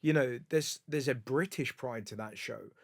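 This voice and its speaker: A man's voice: mid-range voice, moderate pace, creaky, no echo, studio quality. A man hosting a podcast, asking curious questions and giving short nods of agreement. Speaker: podcast host. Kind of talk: casual interview chat.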